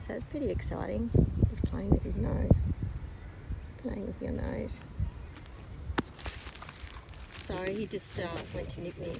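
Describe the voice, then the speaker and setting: Outdoors in a windy rural paddock, a woman who owns horses chats casually to the camera and to her animals, cooing at them and scolding them. Her voice is fairly low and creaky, and loud wind noise fills the recording.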